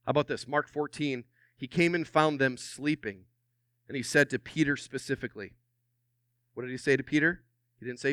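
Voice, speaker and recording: A middle-aged pastor preaches with animated energy, calling on his congregation to answer back. His voice is bright and crisp, recorded close and dry. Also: mid-range voice, normal speed, no echo. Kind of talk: sermon.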